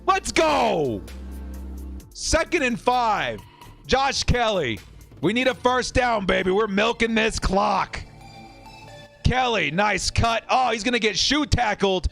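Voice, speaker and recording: A man in his thirties hosting a live fan watch party, giving excited commentary on the game and reading viewer donations aloud, often shouting. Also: high-pitched, unhurried, gravelly, soft background music.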